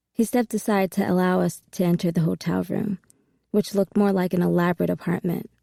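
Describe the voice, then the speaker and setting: Gravelly woman narrating an audiobook. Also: lowish voice, warm tone, no room sound, studio quality. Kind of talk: first-person audiobook narration.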